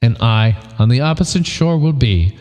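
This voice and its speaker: Male co-host reciting verse with a grin, mellow, reverberant room. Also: mid-range voice, animated, normal speed, faint music behind. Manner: laughs through the reading. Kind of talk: reading a poem aloud.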